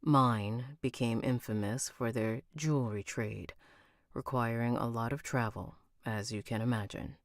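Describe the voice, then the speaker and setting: A woman's voice: extremely low pitch, unhurried, no echo, clean studio sound. A woman reading as a charming rich young man. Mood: storytelling.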